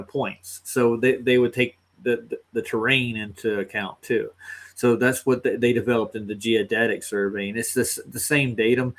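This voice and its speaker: A man in a casual podcast chat, explaining a point in halting, repetitive phrases. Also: mid-range voice. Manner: argumentative, halting explanations with repeated words.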